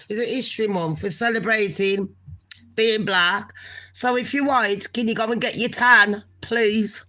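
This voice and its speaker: A woman's voice: medium pitch, fairly even intonation, takes it slowly, pauses often, pushed and bright, rough recording. A woman hosting a casual gossip live stream, chatting with viewers and swearing now and then. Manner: chatty, swears, talks to viewers as honey pot. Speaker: gossip channel host.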